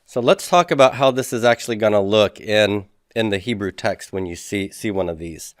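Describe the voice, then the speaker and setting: In a recorded grammar lecture, a man teaches step by step, spelling out Hebrew words slowly and frequently checking in with "okay?" His voice is fairly low, and the studio-quality recording has no echo.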